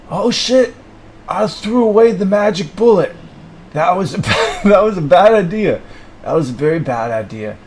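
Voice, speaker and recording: A man voicing a meek, apologetic man who mumbles low and quiet. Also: creaky, slight background noise. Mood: glum.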